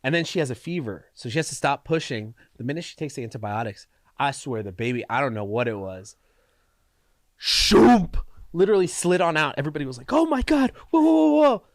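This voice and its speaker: A man's voice: mid-range voice, expressive, quick pace, no room sound, clean studio sound. A tired young man with a stuffy, congested voice, telling stories as a podcast co-host in casual chat. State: recovering from a cold, tired.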